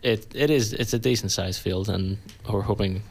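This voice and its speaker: Easygoing young scientist guest. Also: male voice, on the low side, normal speed, vocal fry. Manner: easygoing, laughs along. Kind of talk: radio interview answers.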